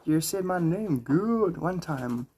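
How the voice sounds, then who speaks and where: A man's voice: on the high side, animated, takes it slowly, mellow, husky. A man streaming live and chatting casually with his viewers, rambling, joking and greeting them by name. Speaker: livestreamer.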